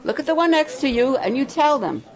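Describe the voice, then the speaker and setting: Gravelly older woman preaching to campers. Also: high-pitched, big pitch swings, a little fast. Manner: coaxing, asks the crowd questions. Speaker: camp speaker. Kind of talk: sermon.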